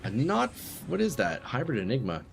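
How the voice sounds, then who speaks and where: A man's voice: mid-range voice, wildly swooping pitch, normal speed, creaky, slight background noise. A young man streaming a game live, chatting casually with viewers and swearing freely. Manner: laid-back, swears freely, chats with viewers.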